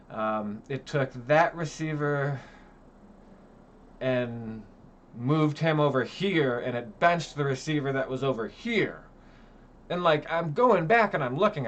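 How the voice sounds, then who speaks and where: A fed-up young gaming host vents in a profane, sarcastic rant. His voice sits a little high for a man, and his outbursts swing hard between loud and low. He sounds worn out and exasperated. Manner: angry, swearing, sarcastic, swinging between shouting and muttering. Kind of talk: profane ranting commentary.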